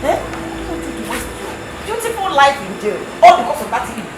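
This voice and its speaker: A woman's voice: sits high, big pitch swings, fairly quick, echoey room, heavy background noise. A cruel, scornful mother. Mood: scheming. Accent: Nigerian. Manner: shouting, scornful. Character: cruel scheming mother, sharp-tongued. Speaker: scheming mother.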